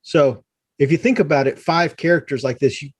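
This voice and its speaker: A man's voice: a little high, a little fast, slightly rough, no echo. A man co-hosting a casual gaming live stream, explaining game stats and rules step by step. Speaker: co-host of a tabletop gaming live show.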